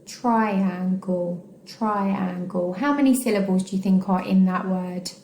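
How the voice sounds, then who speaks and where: A woman's voice: medium pitch, a little fast, warm tone. An English woman teaching a recorded phonics lesson to children, patient and encouraging, with many ums and okays. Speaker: primary school teacher. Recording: echoey room.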